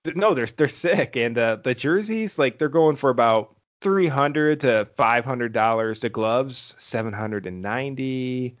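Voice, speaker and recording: A man hosting a podcast in casual chat, rambling quickly and laughing often. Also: medium pitch. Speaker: podcast host. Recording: dull lo-fi audio.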